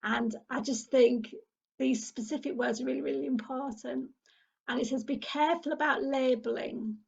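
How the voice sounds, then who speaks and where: A woman's voice: sits high, fairly even intonation, moderate pace, vocal fry, slightly rough, dull audio. A middle-aged woman from England who leads a parenting group, talking in an earnest, encouraging way. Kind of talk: casual spoken talk.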